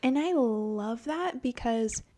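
Woman podcast co-host, lively, blunt and profane, slightly high voice. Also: slow pace. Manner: animated, swears a lot, acts out quotes. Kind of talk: casual book chat.

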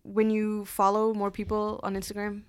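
A woman's voice: medium pitch, monotone, moderate pace, a little mellow, smooth. A young woman guesting on a podcast, talking candidly and with opinions. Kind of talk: casual chat.

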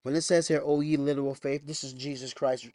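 A male pastor preaching a sermon, swinging from loud, high scripture reading to low conversational storytelling, blunt and emphatic with repeated phrases. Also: steady tone, fairly quick, no room sound. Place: church.

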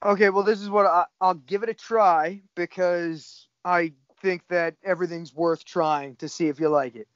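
A man's voice: high voice, fairly even intonation, moderate pace, few pauses, no room sound. Man, thirties, from Cape Breton, jiu-jitsu coach, casual swearing chat, dull lo-fi audio. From Cape Breton, Canada. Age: 30s. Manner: laid-back, swears often.

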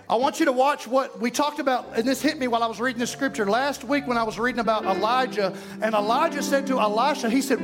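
A man preaching a fervent, folksy sermon in a church, breaking into shouts. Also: very high-pitched, fast, hardly any pauses. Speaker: pastor. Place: church sanctuary. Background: music.

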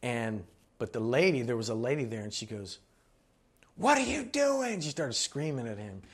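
A man's voice: medium pitch, fairly quick. A man preaching a sermon as pastor, conversational and earnest, building to emphatic exhortations.

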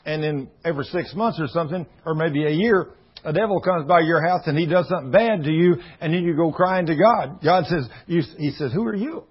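A man preaching a folksy sermon with a somewhat high, husky voice. He tells stories and acts out every part of the dialogue in shifting voices. The recording is dull and lo-fi. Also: brisk. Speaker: pastor.

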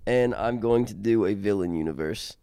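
A man's voice: on the low side, moderate pace, mellow, smooth, no room sound, clean studio sound. A man co-hosting a podcast, chatting casually with laid-back reactions and short comments. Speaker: podcast co-host. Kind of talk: casual chat.

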